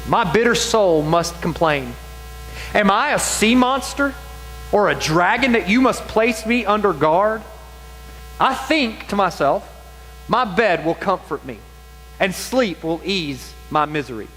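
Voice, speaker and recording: Male pastor, slightly higher voice, passionate sermon delivery, reverberant sanctuary with faint music and hum under it. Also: expressive, a bit bright. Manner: impassioned, dramatic scripture reading with slow emphatic stretches. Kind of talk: sermon reading scripture aloud.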